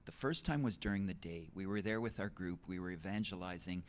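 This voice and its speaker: Middle-aged male teacher, very low voice, casual testimony full of fillers and restarts. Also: fairly quick, a little hiss or hum. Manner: conversational, many fillers and restarts. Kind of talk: personal testimony in an interview.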